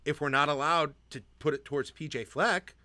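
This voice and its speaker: A man's voice: fairly high pitch, steady tone, a little fast, bright, forceful tone, no echo. A man co-hosting a casual sports podcast, teasing his partner and making his case like a mock-preacher. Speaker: podcast co-host.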